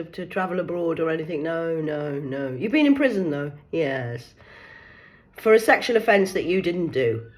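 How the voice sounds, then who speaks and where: Speaking to camera in a low-pitched, animated voice at normal speed, a County Durham woman who creates social media content delivers a sarcastic storytelling monologue. She mocks freely, swears a lot, and plays both people in a phone call.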